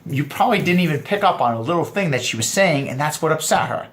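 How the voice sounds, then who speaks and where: A man giving dating advice to other men, lively and explaining point by point, acting out quoted lines in funny voices. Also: fairly high pitch, fast. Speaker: dating coach. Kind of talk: instructional vlog talk.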